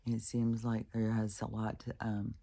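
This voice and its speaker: Spiritual vlogger ranting off the cuff, swears a lot, raspy gravelly voice, lots of ums and restarts. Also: medium pitch, monotone, moderate pace, mellow. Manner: profane, ranting, full of fillers and restarts; laughs between sentences. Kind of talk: casual rambling monologue.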